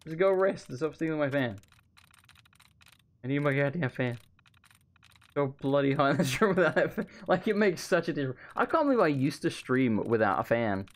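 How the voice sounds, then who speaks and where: A man's voice: a little high, animated. A man streaming live gameplay commentary, rambling and chatting with viewers while feeling overheated at home. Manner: rambling, chatty, quick asides to chat. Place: home room.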